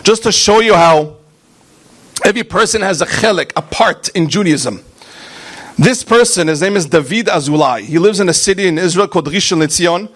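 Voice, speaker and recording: A man, a rabbi, preaching a fiery sermon, punching out single words and then dropping to quiet asides. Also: high-pitched, normal speed, husky. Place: synagogue.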